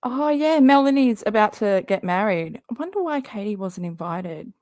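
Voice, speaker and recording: A woman's voice: medium pitch, lively intonation, normal speed, a little mellow, no echo, clean studio sound. A woman hosting a casual reaction livestream, chatty and sarcastic, rambling and laughing often. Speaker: livestream host.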